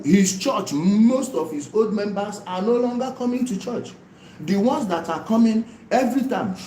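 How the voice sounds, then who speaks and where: A man with a Nigerian accent hosting a casual livestream, talking in an animated way and repeating himself for emphasis, with bits of pidgin mixed in. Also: sits high, reverberant, a little hiss or hum, low-quality recording. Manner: animated, repetitive and pleading, mixing in pidgin. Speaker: YouTube livestream host.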